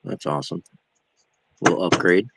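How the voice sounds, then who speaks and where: A man co-hosting a live stream on a video call, chatting in a relaxed, enthusiastic way. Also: low voice, a little fast, breathy edge, no echo, low-quality recording. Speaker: stream co-host. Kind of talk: casual chat.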